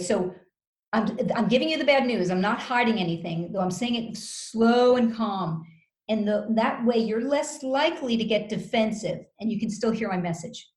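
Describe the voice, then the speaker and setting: A woman communication coach explains her advice in a measured, instructive manner. Her voice sits at a middle pitch and carries the reverb of a roomy space. She often slows down to act out calm example phrases. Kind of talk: interview, giving advice. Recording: roomy echo.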